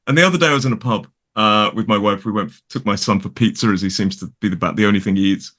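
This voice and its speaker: A man's voice: on the low side, quick pace. Chatty man with a mild Derbyshire accent. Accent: mild Derbyshire English. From Derbyshire, England. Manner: chatty, rambling, animated. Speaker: guest English teacher. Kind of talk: casual conversation.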